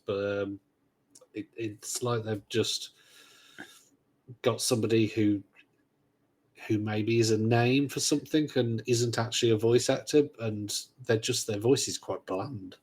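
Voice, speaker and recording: A man's voice: on the low side, steady tone, unhurried, darkish tone. A man hosting a casual podcast chat, talking in a rambling, hesitant way with dry sarcasm. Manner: rambling, hesitant, many fillers and restarts; dryly sarcastic. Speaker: podcast host.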